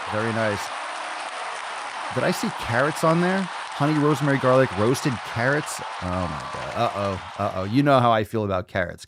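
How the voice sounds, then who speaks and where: A man with a lowish voice hosts a casual livestream podcast, recorded with studio quality and no echo. He's brash and profane, hyping people up with gym-style talk and repeating phrases for emphasis.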